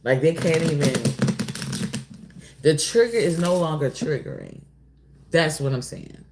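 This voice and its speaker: A woman doing a casual oracle card reading, drawling and rambling, often pausing to apologize. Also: sits low, expressive, very noisy. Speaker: tarot reader.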